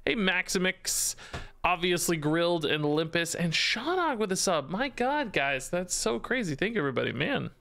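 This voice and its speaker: A man's voice: high voice, sing-song, moderate pace, creaky, fairly bright tone. A man streaming a card game, chatting casually, thanking subscribers and thinking aloud about his deck. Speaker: Twitch streamer. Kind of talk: casual live-stream commentary.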